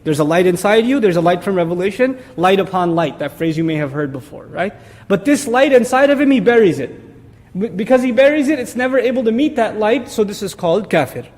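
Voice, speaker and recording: A man giving an explanatory religious lecture as a teacher, animated and emphatic, with sarcastic asides. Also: high-pitched, fairly quick, big-room sound. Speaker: Quran teacher.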